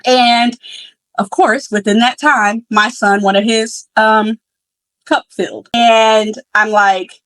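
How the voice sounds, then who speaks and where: A woman's voice: on the high side, steady tone, takes it slowly, fairly bright tone, dry recording, rough recording. A young woman hosting a podcast, telling a story in a casual, candid way with many fillers and restarts. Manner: candid and reflective. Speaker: podcast host.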